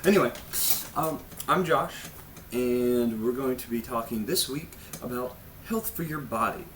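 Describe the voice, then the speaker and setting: A man's voice: medium pitch, measured pace, fairly bright tone, a little hiss or hum. A man hosting a casual health vlog, talking in an awkward, self-mocking way with rambling, jokey asides. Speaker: host of a health ministry channel.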